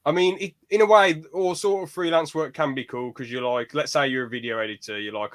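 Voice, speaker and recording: A man's voice: mid-range voice, steady tone, brisk, hardly any pauses, a bit bright. A young man hosting a podcast in casual chat, laughing often and joking crudely. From United Kingdom. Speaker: podcast host.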